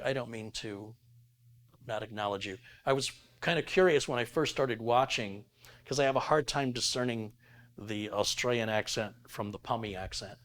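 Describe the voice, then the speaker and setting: Middle-aged guy, lowish voice, chatty tech live stream host reading donations. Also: a bit bright. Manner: chatty, laughs easily, reads viewer messages aloud.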